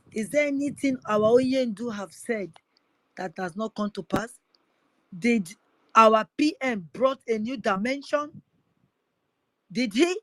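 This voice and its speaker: Slow, preachy woman host. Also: fairly high pitch, no room sound, poor audio. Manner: preachy, repetitive, exhorting. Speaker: host of an online audio space. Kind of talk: impassioned appeal to listeners.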